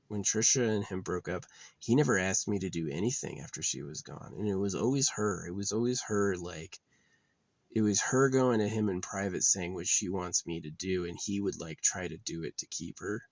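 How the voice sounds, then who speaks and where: A man rants through a rambling vlog monologue, bitter and profane, circling back on himself as he talks. His voice sits very low with a gravelly, fried edge. The sound is dry and close, with no room around it. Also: normal speed, dry recording. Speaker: vlogger.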